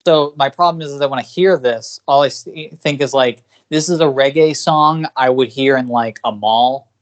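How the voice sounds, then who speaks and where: A man's voice: mid-range voice, normal speed. A man with an American accent co-hosting a podcast, giving opinionated, rambling music reviews with restarts and swearing. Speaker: podcast co-host. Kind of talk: casual music review chat.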